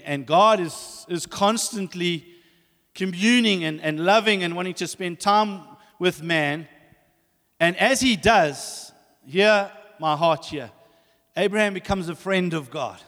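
High-voiced preacher in an echoing hall. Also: male voice. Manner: animated storytelling, acts out voices. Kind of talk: sermon.

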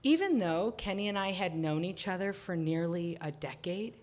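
A woman's voice: lowish voice, lively intonation, normal speed, a little mellow. A woman in her thirties tells a personal story from her teens. She speaks in a wry, confiding way and often slips in amused, laughing asides.

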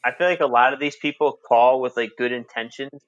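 A man's voice: mid-range voice, brisk, highs cut off. A man chatting casually as co-host, laid-back and chiming in on the stories. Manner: laid-back, laughing along. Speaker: podcast co-host. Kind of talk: casual chat.

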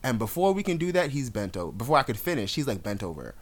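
A man's voice: on the high side, sing-song, quick pace, hardly any pauses. A man co-hosting a podcast, telling a story dramatically and acting out the quotes in casual chat. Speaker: podcast co-host.

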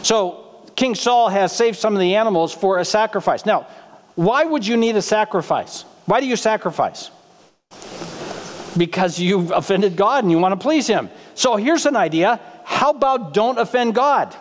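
A male pastor preaches with a high, light voice, joking and talking casually with his listeners. His voice carries the long reverb of a church sanctuary. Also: animated, moderate pace. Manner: humorous, conversational, asks the congregation questions. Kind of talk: sermon.

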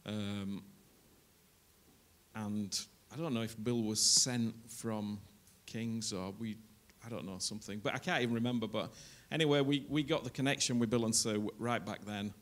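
Rambling pastor introducing guests. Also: male voice, lowish voice, fairly even intonation, normal speed. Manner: warm, rambling, hesitant with fillers. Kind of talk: church welcome talk. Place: church.

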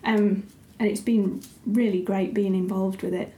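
A woman who is a writer and editor chats casually and thoughtfully, a little hesitant and saying "um" often. Her voice is medium-pitched with fairly even intonation, a little slow and dark in tone, in an echoey room.

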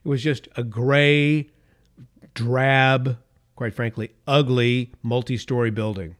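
A man, middle-aged or older, delivering an opinion monologue as a political commentator, emphatic, repeating key phrases for stress and dropping into soft asides. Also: mid-range voice, fairly even intonation, slow pace.

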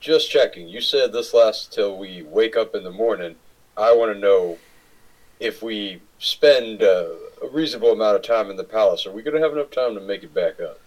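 Direct, low-voiced male player. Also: lively intonation, normal speed, rough recording. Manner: direct, careful questions. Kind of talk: tabletop game play.

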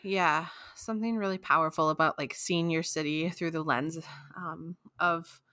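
A woman co-hosting a podcast in casual chat, enthusiastic and quick to laugh. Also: sits low, steady tone, bright, forceful tone, no room sound, studio quality. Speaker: podcast co-host.

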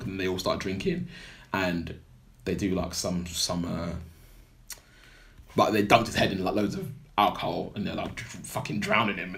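A young man talks casually on a podcast, his voice sitting on the low side. He rambles, piling up fillers and restarts as he retells a story. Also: steady tone, moderate pace, vocal fry. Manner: rambling, heavy use of filler words. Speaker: podcast co-host. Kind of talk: casual chat, retelling a film plot.

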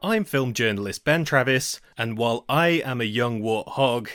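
A man's voice: medium pitch, animated, moderate pace, few pauses, a bit bright, soft background music. A young man hosting a podcast, speaking in a playful, jokey way. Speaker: podcast host. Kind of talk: podcast chat with scripted intro.

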